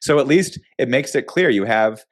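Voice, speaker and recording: A man's voice: mid-range voice, animated, normal speed. Opinionated American man, emphatic commentary. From United States. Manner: opinionated, emphatic, frequent restarts and fillers. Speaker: guest. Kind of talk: casual political interview.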